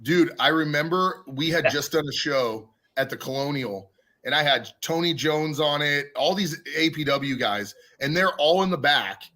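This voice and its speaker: A man rattling off a backstage story with a bright, forceful edge to his voice. He sits a little high in pitch and laughs through the telling. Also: normal speed. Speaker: podcast guest. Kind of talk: profane storytelling chat.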